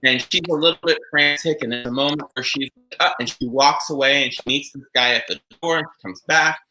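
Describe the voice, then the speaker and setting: A man hosting a casual chat podcast, telling stories in a rambling, animated way. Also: medium pitch, a little fast, slight background noise, poor audio. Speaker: podcast host.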